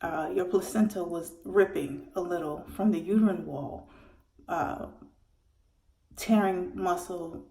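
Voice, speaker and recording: A woman's voice: fairly low pitch, warm tone. Woman retelling a hard birth, echoey room. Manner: halting, emotional retelling with many restarts. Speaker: mother telling her birth story. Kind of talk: personal storytelling monologue.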